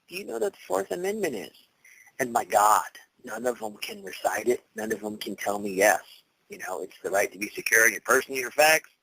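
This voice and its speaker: Gravelly guy on a talk show, voice all over the place, acts out what people said, bit of hiss behind. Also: a little high, low-quality recording. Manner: animated storytelling, acts out quoted people. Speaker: guest. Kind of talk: casual talk show chat.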